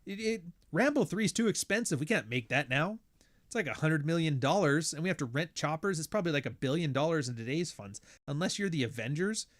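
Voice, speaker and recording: Blunt, profane man ranting on a podcast. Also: a little high. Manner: animated, mimics others mid-story. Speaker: podcast host. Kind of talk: casual ranting monologue.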